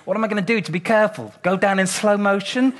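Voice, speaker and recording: An Englishman speaking on stage to an audience, telling a humorous story in a playful, self-mocking way with dramatic pauses. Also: high-pitched. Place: stage before a live audience.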